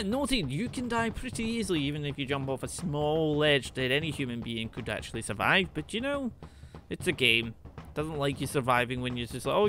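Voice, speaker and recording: A man's voice: mid-range voice, bright, forceful tone, a little hiss or hum. A young man casually commenting on his own gameplay, thinking aloud and exclaiming when things go wrong. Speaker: gaming video host.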